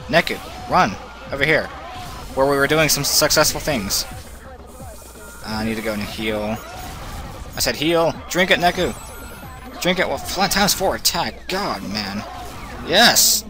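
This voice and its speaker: A man giving casual, excitable commentary while playing a video game, talking to the character on screen and swinging between groans and cheers. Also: medium pitch, measured pace, long pauses. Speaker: let's play commentator. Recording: game music playing loud behind voice. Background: game music.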